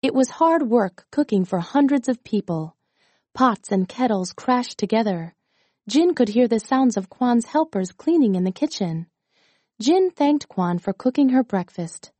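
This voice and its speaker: A woman narrating a children's chapter book aloud in a calm, clear reading voice. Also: on the high side, unhurried, dry recording. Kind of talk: storybook read-aloud.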